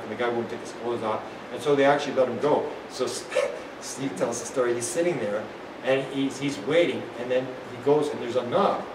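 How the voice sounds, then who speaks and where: 60s guy rambling through a wild story, restarts a lot, kinda far off the mic, echoey room, faint background noise. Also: mid-range voice. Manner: excitable, many restarts, laughs while telling. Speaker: interview guest. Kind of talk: animated anecdotal storytelling. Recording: roomy and distant, faint ambience.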